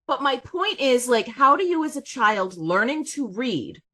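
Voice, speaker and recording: A woman co-hosting a podcast in casual chat, talking in an animated, emphatic way. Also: high voice, a little slow, over a noisy crowd. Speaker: podcast co-host.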